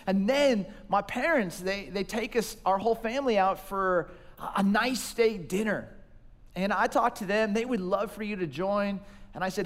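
A man's voice: high voice, normal speed. A man preaching a sermon, telling stories about himself with self-deprecating humor. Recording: long reverb of a large hall.

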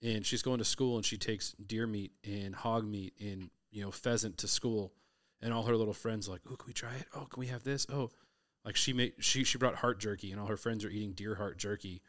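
Middle-aged man from Southern California, low voice, animated storyteller who acts out the people in his stories. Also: moderate pace. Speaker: hunter telling stories. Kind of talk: casual conversation.

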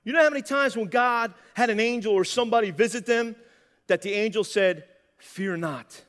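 A man preaching a lively sermon, often calling out "amen" to the congregation. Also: sits high, moderate pace, big-room sound. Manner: animated, calls for "amen". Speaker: pastor.

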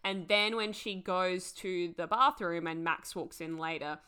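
Female co-host, casual chatter, bright crisp voice, laughs easily. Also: on the low side, measured pace. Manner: chatty, laughs often, many fillers. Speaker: podcast co-host. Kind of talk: casual chat.

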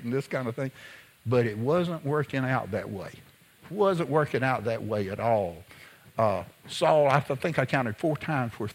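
A man preaches in a folksy, conversational way, weaving scripture into stories from his childhood. His voice sits in an ordinary middle pitch, and he sometimes drops to a hush while telling a tale. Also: animated, moderate pace. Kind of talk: sermon with personal storytelling.

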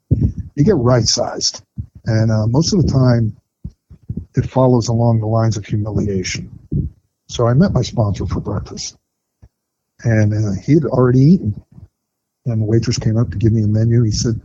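In dull lo-fi podcast audio carrying faint noise, a middle-aged man who retired from firefighting openly shares his recovery story in conversation. His voice is medium in pitch, dark and husky, and his speech is full of fillers and restarts.

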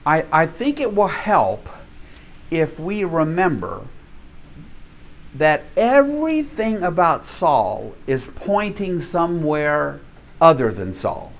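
Older male Bible teacher in his 70s, chatty and animated, voice pitched a little high and swinging a lot, laughs often while teaching. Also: slow pace, creaky. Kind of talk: church class teaching.

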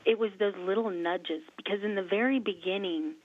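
A woman with a medium-pitched voice hosts a faith talk show, speaking fairly quickly over a tinny, phone-like, dry line. In casual faith conversation she tells stories animatedly, acting out the quoted dialogue.

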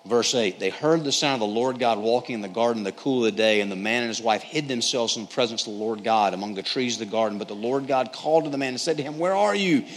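A man's voice: medium pitch, fast talker, hardly any pauses. A man teaching through a Bible passage in an earnest, conversational way, often calling his listeners "guys". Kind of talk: sermon-style Bible teaching. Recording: echoey hall, faint noise.

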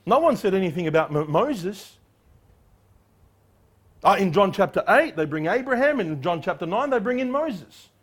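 A man preaching an expository sermon, emphatic and animated, acting out the voices in the passage he reads. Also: high-pitched, normal speed, pauses often. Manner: emphatic, acts out quoted voices.

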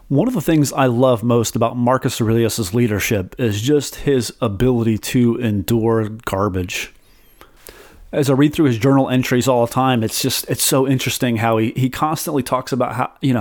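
A man's voice: medium pitch, darkish tone. A man hosting a leadership podcast, talking alone in an earnest, conversational way and repeating phrases for emphasis. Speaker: podcast host and leadership coach. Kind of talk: reflective solo podcast talk.

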